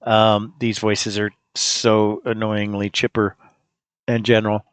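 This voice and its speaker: A man hosting a casual demo, talking in a relaxed, rambling way with fillers. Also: on the low side, slow pace, smooth, no echo. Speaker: host demonstrating an app. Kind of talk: casual screen-recorded demo.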